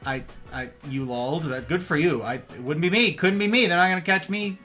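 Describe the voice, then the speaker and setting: A man's voice: a little high, a little fast. A man hosting a livestream, chatting casually and playfully with his viewers. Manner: animated, playful, reacts to chat. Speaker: livestream host. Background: faint music.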